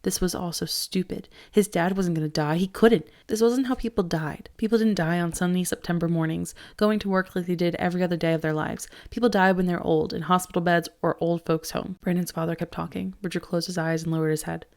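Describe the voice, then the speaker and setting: A woman teacher reading a novel aloud with steady expression. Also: fairly low pitch, a little fast, few pauses. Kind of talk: audiobook read-aloud.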